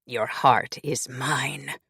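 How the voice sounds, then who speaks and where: A man's voice: expressive, unhurried, creaky, a bit bright, no room sound, studio quality, exaggerated voice. A man voicing a possessive immortal shifter. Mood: cold. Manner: low, cold and controlled, hissing.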